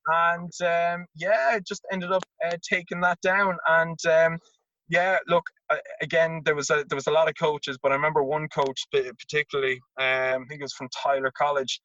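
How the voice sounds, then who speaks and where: Lively man telling a story. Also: a little high, moderate pace, a little hiss or hum. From Ireland. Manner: animated anecdote-telling, acts out quoted voices. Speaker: interview guest, tennis coach. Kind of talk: casual storytelling. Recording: dull lo-fi remote audio.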